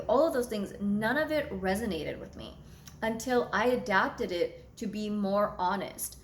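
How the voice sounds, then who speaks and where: A woman's voice: mid-range voice, lively intonation, measured pace, a little hiss or hum. A woman talking frankly and casually to her viewers, blunt and unafraid to swear, recorded in an echoey room. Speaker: astrology content creator. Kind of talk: candid conversational monologue.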